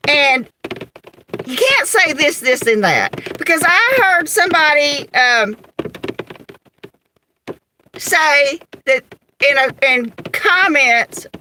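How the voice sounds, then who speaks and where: High, bright-voiced woman chatting on a livestream. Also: sing-song, slow pace, long pauses, a little hiss or hum, rough recording. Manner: chatty storytelling, laughs often, talks to viewers by name. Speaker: livestream host. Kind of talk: casual livestream chat.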